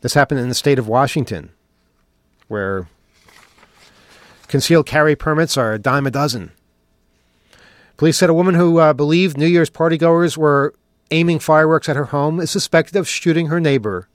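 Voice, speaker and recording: A sarcastic male talk-show host with a fairly high voice and a dry, close recording. He fires off mock questions in a biting riff, then shifts to earnest commentary. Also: moderate pace, long pauses, no echo. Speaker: podcast host. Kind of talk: opinionated talk show monologue.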